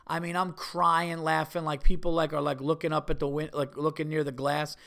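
A man with a gravelly, smooth voice, a bit higher than most, telling a story in a loose, chatty way. He hosts a podcast from New York and jumps into the voices of the people he quotes. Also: fairly quick. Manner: animated, acts out voices in quotes. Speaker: podcast host. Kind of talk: casual storytelling.

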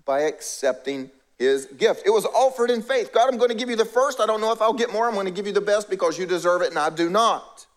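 A man's voice: high-pitched, lively intonation, fast, hardly any pauses. A middle-aged male pastor preaching a conversational sermon, acting out the voices of biblical characters.

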